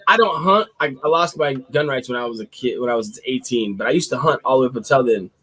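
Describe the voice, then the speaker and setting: A man telling a wild story in casual chat, animated and profane, getting excited as he tells it. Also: medium pitch, fast, breathy edge.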